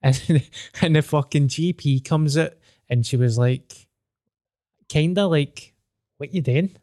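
A man's voice: fairly high pitch, slow, mellow, dry recording, clean studio sound. A young Scottish man hosting a casual podcast chat, candid, joking and swearing freely. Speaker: podcast host.

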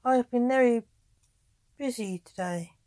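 A woman voicing a patient male blacksmith who speaks calmly and steadily. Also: fairly high pitch, measured pace, voice pushed up, natural voice. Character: busy adult male blacksmith, patient and calm.

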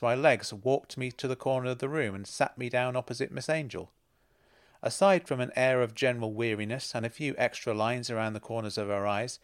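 A man's voice: medium pitch, clean tone, no room sound, clean studio sound. Man narrating a story, wry. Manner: reflective, wry. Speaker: narrator and author. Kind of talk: first-person story narration.

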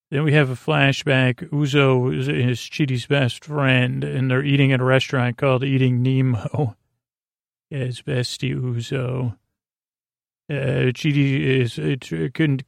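Flat, gravelly man recapping casually. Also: mid-range voice, no echo, clean studio sound. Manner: halting, many fillers, reads quotes flatly. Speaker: podcast host recapping a TV episode.

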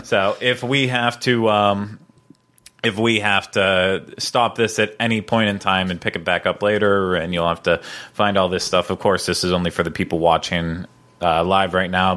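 A man's voice: low voice, fairly bright tone. A man hosting a podcast in casual chat, rambling with lots of fillers and playful banter. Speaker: podcast host.

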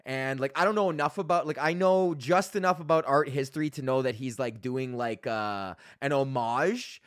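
A man's voice: medium pitch, normal speed, no room sound, studio quality. A young man from Canada hosting a podcast, ranting casually, swearing a lot, rambling and laughing often. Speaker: podcast host.

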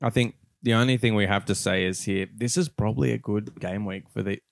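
A man's voice: on the low side, fairly even intonation, a little fast, gravelly, no room sound, studio quality. A man co-hosting a casual football podcast, laid-back and joking, with swearing and laughs. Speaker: podcast co-host.

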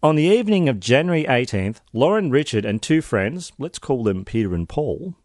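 A man's voice: medium pitch, sing-song, moderate pace, a little mellow, dry recording, studio quality. Wry man telling a crime story. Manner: wry, sardonic asides in a narrated case. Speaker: podcast host.

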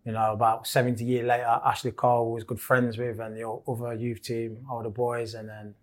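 A man's voice: mid-range voice, monotone, brisk. Rambling English man telling stories. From England. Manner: rambling storyteller, many restarts. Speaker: guest, former footballer. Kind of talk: casual chat.

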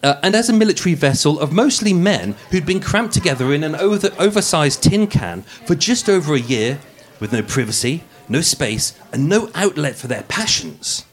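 A man's voice: fairly high pitch, expressive, moderate pace. A man with a Birmingham accent hosting a live true-crime podcast, narrating with jokes and frequent stumbles over words. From England. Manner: jokey, self-deprecating, stumbles over words. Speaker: podcast host. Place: room with a live audience.

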